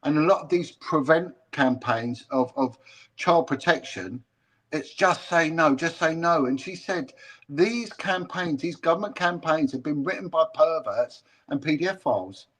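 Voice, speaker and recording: A man, a former policeman, talking in a casual interview, halting and restarting often as he tells a story. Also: fairly high pitch, expressive, slightly rough. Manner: halting, with many restarts and repeated words.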